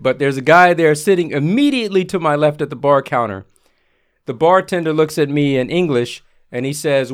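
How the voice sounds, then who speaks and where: A man with a smooth, clear voice that sits a little above the usual male range. He tells a rambling personal story in a relaxed, chatty way, full of "uh" and restarts, as a whiskey writer. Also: fairly high pitch. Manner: rambling anecdotal telling with fillers. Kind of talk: casual storytelling.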